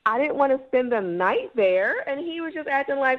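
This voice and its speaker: A woman's voice: sits high, animated. A woman calling into a radio show, dramatic and exasperated, mocking the man she went out with. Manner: dramatic, exasperated, quick to mock. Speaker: caller. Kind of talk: call-in radio complaint. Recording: muffled phone line.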